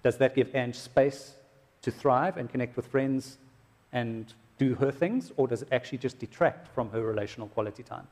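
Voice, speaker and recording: A man's voice: medium pitch, normal speed, darkish tone. A man preaching a sermon to husbands in a church, joking and exclaiming as he goes. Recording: echoey hall reverb.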